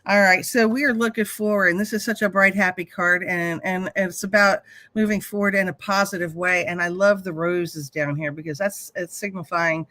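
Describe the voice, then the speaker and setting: A woman's voice: lowish voice, steady tone, moderate pace, fairly bright tone, no echo. A middle-aged woman hosting a livestream, giving a chatty, spiritual tarot reading with some earthy swearing. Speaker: host and tarot reader.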